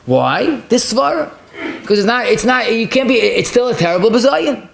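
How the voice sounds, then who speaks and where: A rabbi with a fairly high voice teaches a Talmudic class, pressing his points with emphatic rhetorical questions. He weaves dense Hebrew and Aramaic legal terms through his English. The sound is roomy, with echo off the walls. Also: big pitch swings, normal speed, creaky. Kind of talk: Talmudic lecture.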